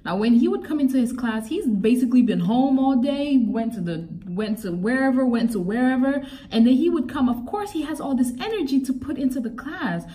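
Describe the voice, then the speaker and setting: A young woman vlogger telling a story about a past job in a casual, animated and exasperated way, often acting out quotes. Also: high voice, brisk, few pauses, far from the mic. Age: young adult.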